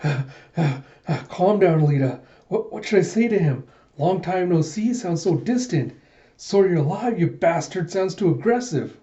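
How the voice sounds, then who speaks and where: A man voicing a fiery young female cyborg warrior in excitable, flustered bursts. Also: high-pitched, normal speed, voice pushed up. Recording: dull lo-fi recording.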